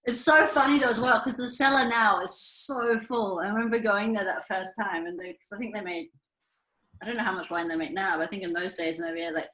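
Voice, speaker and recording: A woman's voice: medium pitch, fairly bright tone. A woman in her thirties with an Australian accent, chatting as a guest on a video call, telling stories with frequent laughs. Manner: chatty storyteller, laughs often, trails off. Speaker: guest winemaker. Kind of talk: casual chat on a video call. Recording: echoey room over a video call.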